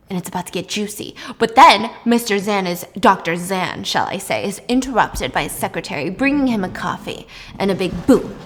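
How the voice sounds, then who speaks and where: A young woman hosting a casual video, telling a story in a chatty, animated way while baking. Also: mid-range voice, fairly quick. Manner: chatty, animated, laughs often. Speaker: host.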